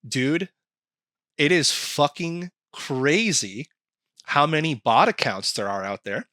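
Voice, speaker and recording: A man chatting casually on a podcast, animated and swearing often as he acts out quoted comments. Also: a little high, takes it slowly, dry recording, clean studio sound. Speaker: podcast co-host.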